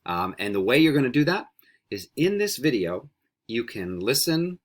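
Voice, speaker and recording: A man's voice: mid-range voice, big pitch swings. A man teaching a beginner Spanish video lesson, patient and encouraging, switching between English and Spanish. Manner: patient, encouraging, repeats words slowly for students. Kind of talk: recorded classroom video lesson.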